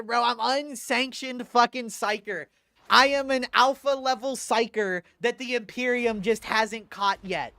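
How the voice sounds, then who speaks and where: A man's voice: very high voice, a little slow, pushed and bright, no room sound. Laid-back profane male game streamer. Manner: laid-back, profane, answers chat with sarcastic asides. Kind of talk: casual livestream chat while gaming.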